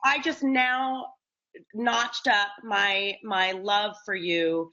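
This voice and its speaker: A woman's voice: mid-range voice, steady tone, extremely slow, bright, forceful tone, lo-fi sound. A woman hosting a live social media chat, talking in an emphatic, effusive way. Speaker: host.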